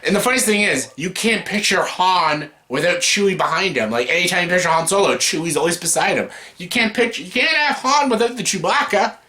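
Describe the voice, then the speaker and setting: A man hosting a casual movie chat, excitable, swearing freely and laughing often. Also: high voice, brisk, hardly any pauses. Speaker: YouTube host.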